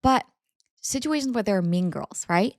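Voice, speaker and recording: A woman co-hosting a casual story-discussion podcast with her partner, chatty and animated, laughing often. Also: medium pitch, moderate pace, dry recording, clean studio sound. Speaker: co-host reading Reddit stories.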